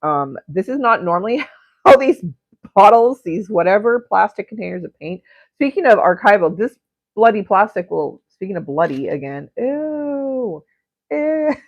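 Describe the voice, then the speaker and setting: A woman's voice: mid-range voice, lively intonation, moderate pace, creaky, no room sound, dull audio. A young woman hosting an art livestream, chatting casually and crudely while she paints, rambling and giggling between topics.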